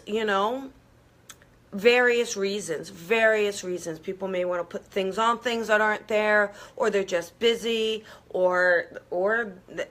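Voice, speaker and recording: A woman's voice: mid-range voice, a bit bright. A woman hosting a live online talk, speaking earnestly and encouragingly straight to her viewers and checking in with them again and again. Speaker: host. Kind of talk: live-streamed motivational talk.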